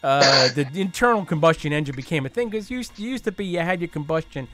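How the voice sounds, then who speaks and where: A man's voice: on the high side, lively intonation, quick pace, a bit bright. A man hosting a podcast in casual chat, jokey and chatty, with many fillers and restarts. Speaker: podcast host.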